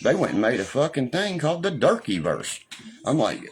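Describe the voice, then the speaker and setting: A man's voice: medium pitch, wildly swooping pitch, moderate pace, noisy background. A man ranting angrily on a livestream, swearing constantly and taunting his critics. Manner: profane, combative, taunting. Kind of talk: angry livestream rant.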